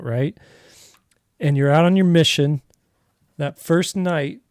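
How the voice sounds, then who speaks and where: A man chats loosely while he draws on a livestream, wandering through a story with plenty of "like" and "you know". His voice is mellow and dark, and it sounds dry and close, with no room around it. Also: a little high, slow pace, pauses often, dry recording. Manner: rambling, storytelling with many fillers. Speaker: artist livestream host. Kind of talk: casual livestream chat while drawing.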